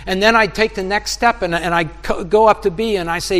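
A man's voice: sits high, fairly quick, hardly any pauses, fairly bright tone, big-room sound. A middle-aged male preacher giving an earnest sermon, often acting out his own prayers and conversations with God. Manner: earnest, acts out dialogues with God.

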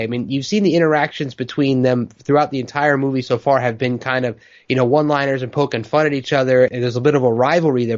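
A man's voice: mid-range voice, lo-fi sound. A man co-hosting a podcast, talking casually and enthusiastically about a movie. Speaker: podcast co-host. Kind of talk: casual film discussion.

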